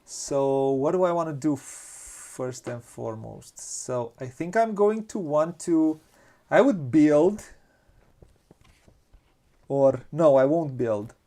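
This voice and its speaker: Slow, thinking-aloud Romanian-accented man. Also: a little high, lively intonation, warm tone. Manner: thinks aloud, counts pieces, many restarts. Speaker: board game channel host. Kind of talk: casual board game playthrough.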